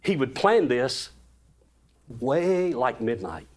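A male pastor preaching a sermon in a folksy, animated way, full of exclamations, sometimes dropping to a hushed voice for a story. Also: mid-range voice, takes it slowly.

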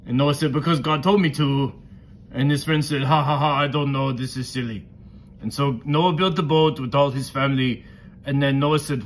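A man's voice: mid-range voice, a little hiss or hum, close to an everyday voice. A man voicing a friendly male monster puppet who tells a Bible story to a child in broken, simple grammar.

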